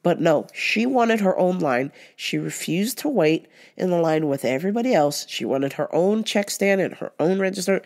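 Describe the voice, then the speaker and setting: A woman's voice: fairly low pitch, lively intonation, normal speed, hardly any pauses, a little mellow. A woman hosting a podcast who tells stories in a candid, blunt way and swears freely. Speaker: podcast host. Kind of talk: casual storytelling.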